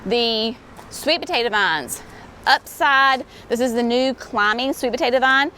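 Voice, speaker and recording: A woman's voice: on the high side, unhurried, sharp tone, a little hiss or hum. A woman hosting a casual walkthrough of a plant nursery, chatty and enthusiastic, saying "y'all". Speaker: garden center host.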